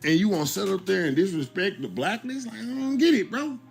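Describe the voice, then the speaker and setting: Man, casual commentary host, keeps saying bro, slightly high voice, faint music underneath. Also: expressive, a little fast, creaky. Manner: conversational, repeats 'bro' and 'you understand me'.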